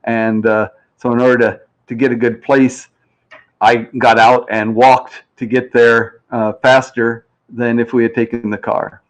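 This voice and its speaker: A man's voice: medium pitch, little pitch movement, a little slow. A man hosting a game show live stream, chatting casually and reading out viewer comments. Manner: chatty and rambling, reads chat aloud, plays with pronunciations.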